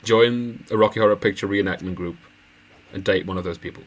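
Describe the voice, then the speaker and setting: A man's voice: lowish voice, a little fast. A man on a podcast panel in casual chat, talking loosely, trailing off and laughing between thoughts.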